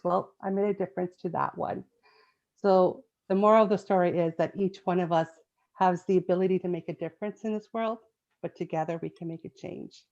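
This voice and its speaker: A chatty woman with a fairly low voice, talking loosely as an interview guest and packing her sentences with fillers. Her sound is a little dull and lo-fi. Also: creaky, darkish tone. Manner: chatty, many fillers, laughs often. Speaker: guest, children's book author. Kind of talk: casual interview chat.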